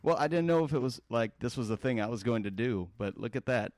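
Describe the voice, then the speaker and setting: A man's voice: medium pitch, animated, quick pace, a little mellow. A man from the Pacific Northwest guesting on a podcast, chatty and playful, stumbling over his words. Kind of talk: casual podcast banter. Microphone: remote mic with occasional crackle.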